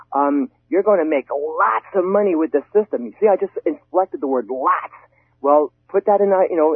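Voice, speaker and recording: A man giving emphatic, animated advice about website copy in a casual conversation, often repeating words to stress a point. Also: a little high, slightly rough, dry recording. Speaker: guest expert on web copywriting. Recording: tinny phone line, dry.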